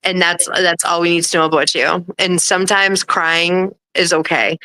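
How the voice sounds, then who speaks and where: A woman in her thirties, co-hosting a casual livestream chat, talking bluntly with frequent swearing and warm encouragement. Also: lowish voice, flat delivery, moderate pace, low-quality recording. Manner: blunt, profane, supportive. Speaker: livestream co-host.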